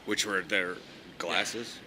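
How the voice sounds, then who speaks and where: A man's voice: low-pitched, steady tone, slow, background noise. A man chatting casually while walking and filming himself with a handheld camera, rambling through stories on a city street. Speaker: vlogger. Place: outdoors on a city street and in shops. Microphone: handheld camera, no tripod.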